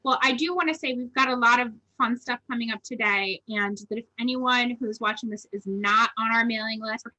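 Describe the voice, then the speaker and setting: A woman's voice: a little high, fairly quick, hardly any pauses, bright, forceful tone, poor audio. A woman co-hosting a casual chat over a video call from home, frank and rambling, swearing casually. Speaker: co-host.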